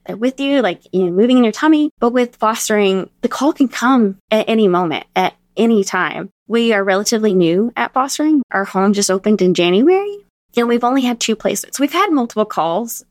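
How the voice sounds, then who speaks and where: A woman in her thirties, a podcast guest telling stories in a casual, animated way and acting out the dialogue she quotes. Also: on the high side, a little fast, dry recording, clean studio sound. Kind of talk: casual storytelling interview.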